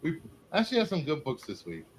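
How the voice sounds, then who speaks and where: Man, podcast host, animated, bouncy pitch, faint hiss. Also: fast, low-quality recording. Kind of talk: casual chat.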